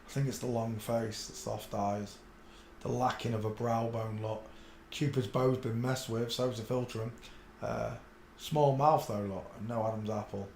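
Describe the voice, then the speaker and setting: A man talks his way through a solo livestream, mostly muttering low to himself. Now and then he breaks into loud, excited outbursts. He is blunt and crude, and the sound carries the echo of a roomy room with a faint hum underneath. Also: measured pace, vocal fry. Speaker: livestream host. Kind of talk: rambling solo livestream commentary.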